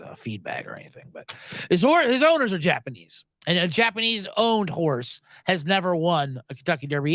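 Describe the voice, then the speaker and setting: Host, male, high and animated, rambling and profane, dry close sound. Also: no room sound. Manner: rambling, profane and self-interrupting. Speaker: sports betting podcast host. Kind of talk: comedic solo sports-gambling monologue.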